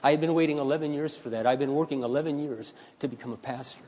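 A pastor telling a story in a sermon, dramatic and passionate at times, quiet and earnest at others. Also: male voice, on the high side, quick pace. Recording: dull sound with long hall reverb.

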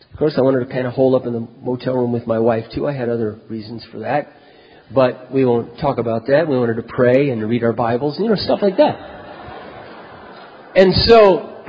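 A man preaching, telling a personal story in a lively, conversational way that swings from loud to very quiet. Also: mid-range voice, husky. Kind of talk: sermon storytelling. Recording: dull echoey hall recording.

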